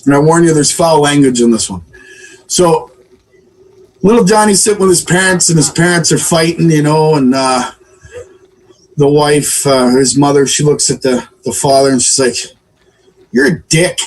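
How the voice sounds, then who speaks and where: A man's voice: moderate pace, poor audio. A man telling long, bad jokes on a livestream as a guest, acting out the characters and apologizing for them. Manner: jokey, self-deprecating, acts out characters with pitch jumps. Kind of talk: casual joke-telling on a livestream.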